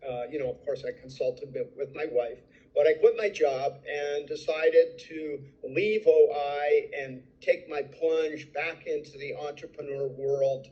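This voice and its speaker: A man's voice: fairly high pitch, fairly even intonation, measured pace, lo-fi sound. An older man presenting his entrepreneur story, telling it eagerly and acting out the dialogue he quotes. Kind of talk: recorded slide presentation.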